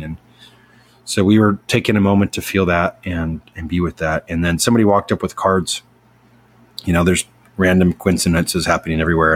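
A man's voice: sits low, a bit bright, slight background noise. A middle-aged man hosting a show, telling a personal story in an earnest, rambling way with many fillers and restarts. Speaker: podcast host.

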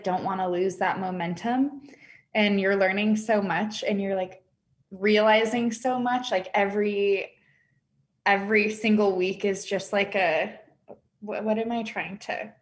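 Effusive woman guest on a video call. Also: mid-range voice. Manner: effusive, says "like" often. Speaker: podcast guest, former client. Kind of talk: casual conversation.

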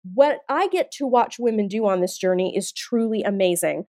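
This forties-aged podcast host has a mid-range, slightly mellow voice and speaks in an animated way at a moderate pace. Her motivational talk is blunt, punchy, emphatic, and full of swearing, recorded dry in a studio with faint music underneath.

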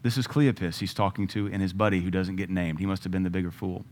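A middle-aged man preaching a sermon, emphatic, with loud bursts when he quotes scripture. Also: low voice, steady tone, fast talker.

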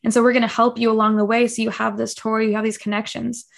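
A woman's voice: fairly high pitch, little pitch movement, fast talker, creaky. A young woman as a podcast guest, chatting casually and acting out quotes with lots of fillers. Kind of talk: casual interview chat.

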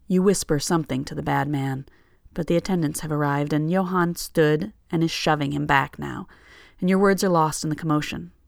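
A reader narrating a fiction story in the second person, measured and soft. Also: medium pitch, steady tone, gravelly, no room sound, clean studio sound.

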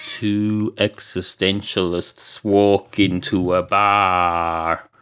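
A man's voice: deep voice, very slow, smooth, soft background music. A man with an Irish accent, hosting a podcast and telling a rambling comic story full of asides and restarts. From Ireland. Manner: meandering, self-interrupting, deadpan. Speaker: podcast host.

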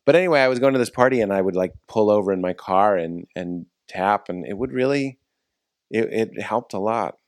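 Podcast host, male, low voice, dry close sound, loose rambling talker. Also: brisk, dry recording. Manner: rambling, self-interrupting, with frequent restarts. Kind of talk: casual conversation.

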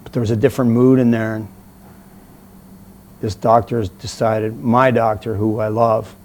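A man's voice: on the low side, moderate pace, slight background noise. A middle-aged man, an interview guest, telling a story casually and acting out the voices of the people in it. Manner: animated storyteller, acts out quoted voices.

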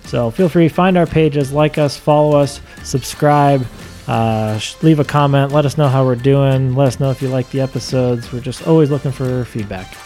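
A man's voice: mid-range voice, steady tone, normal speed, dark tone, faint music behind. A man co-hosting a local food podcast, talking casually with lots of fillers and restarts. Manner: rambling, many fillers and restarts. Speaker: podcast co-host.

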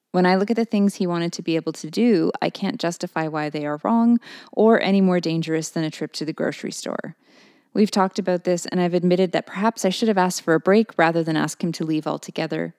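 A woman's voice: on the low side, dark tone, no room sound. A woman co-hosting a podcast, teasing in a dry way and reading a listener's letter aloud steadily.

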